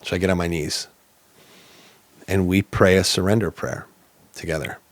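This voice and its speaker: Deep-voiced man telling his story. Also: fairly even intonation, normal speed, dry recording. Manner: earnest, reflective, plainspoken. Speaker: podcast guest. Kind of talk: candid personal storytelling.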